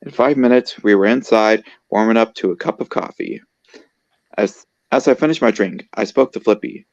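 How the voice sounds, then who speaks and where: Low-voiced man reading fan fiction. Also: moderate pace, vocal fry, darkish tone, dry recording, highs cut off. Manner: casual, stumbling reading. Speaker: host.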